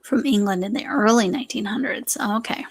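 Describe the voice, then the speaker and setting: A woman's voice: a little high, brisk, vocal fry, slightly rough. A woman from the United States hosting a craft live stream, chatting casually and rambling as she works, often breaking off mid-sentence. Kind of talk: casual chat while crafting.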